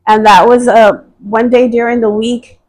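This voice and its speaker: A woman's voice: on the high side, level tone, measured pace, darkish tone, rough recording. A woman telling her personal testimony as a podcast guest, speaking hesitantly and earnestly, with frequent fillers and restarts.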